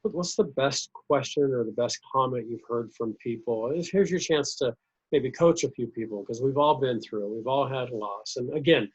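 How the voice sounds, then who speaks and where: A man hosts a podcast, asking long, winding questions in a slightly husky voice and answering his guest with supportive agreement. The recording sounds dull and lo-fi. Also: medium pitch, moderate pace. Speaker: podcast host. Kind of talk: conversational interview.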